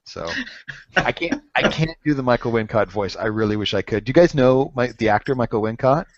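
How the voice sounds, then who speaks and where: Lively game master, dull dry sound. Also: male voice, mid-range voice, fairly quick. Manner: lively, laughs often, joking. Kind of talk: explaining rules and chatting at a tabletop game.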